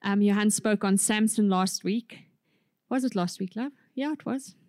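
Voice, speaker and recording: A woman's voice: mid-range voice, normal speed, darkish tone, no room sound, studio quality. A woman introducing a sermon in church, chatty and informal. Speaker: preacher.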